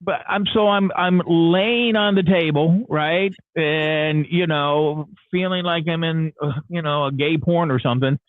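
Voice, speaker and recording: A man rambles through a candid story over a tinny phone line, restarting his sentences as he goes. His voice sits a little high for a man and sounds dry and close. He is a radio host chatting casually on a morning show. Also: steady tone, unhurried, few pauses, no room sound. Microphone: phone call.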